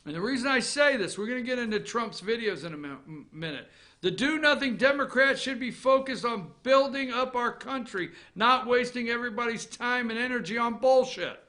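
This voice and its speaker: Brief: male talk host, high-pitched sharp voice, mocking rant with profanity. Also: animated, a little fast. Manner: sarcastic, ranting, swears freely; laughs at own jokes. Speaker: political opinion show host. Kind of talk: off-the-cuff political commentary.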